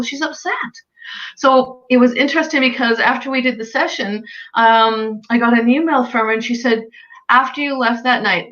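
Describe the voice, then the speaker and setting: Bright-voiced chatty woman telling stories. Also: fairly high pitch. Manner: chatty, retells conversations with quoted voices. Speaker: animal communicator guest. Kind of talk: casual storytelling chat. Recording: dull lo-fi sound.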